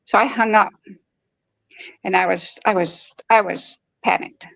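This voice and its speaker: Gravelly-voiced woman in her fifties. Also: medium pitch, steady tone, a little slow, a bit bright, no echo, rough recording. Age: 50s. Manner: frank and conversational, acting out quoted dialogue. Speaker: podcast host. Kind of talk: candid personal storytelling.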